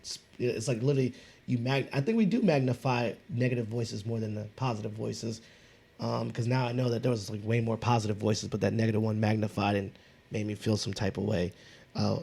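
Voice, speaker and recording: A man's voice: fairly low pitch, fairly even intonation, fairly quick, gravelly, warm tone, slightly rough. A man hosting a podcast, thinking aloud in casual conversation with many restarts. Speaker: podcast host.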